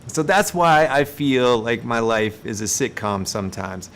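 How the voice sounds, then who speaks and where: Animated man telling funny stories live. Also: mid-range voice, unhurried, creaky. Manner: animated, self-mocking, laughs between lines. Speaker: live-stream host. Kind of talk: casual storytelling on a live stream.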